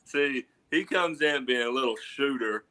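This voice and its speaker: A man's voice: mid-range voice, a little slow, bright, forceful tone. A middle-aged man, telling stories as a guest on a podcast in a laid-back way, full of "you know" and "man". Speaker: guest wrestler. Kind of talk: casual podcast storytelling.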